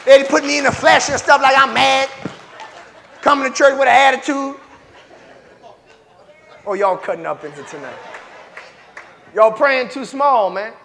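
A man, preaching a sermon in a church with repeated, rhythmic call-outs and shouted peaks. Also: extremely high pitch, unhurried, creaky, long pauses, in a large hall, a faint crowd, slight background noise.

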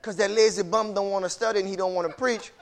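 A man preaching in a casual, emphatic way, repeating himself and building up to shouts. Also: high-pitched, steady tone, fast. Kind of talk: preaching-style casual talk.

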